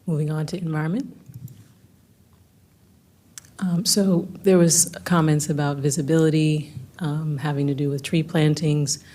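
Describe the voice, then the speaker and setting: A woman presenting planning staff updates at a public board meeting, hurried and apologetic with many ums, losing her voice. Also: low voice, steady tone, dark tone.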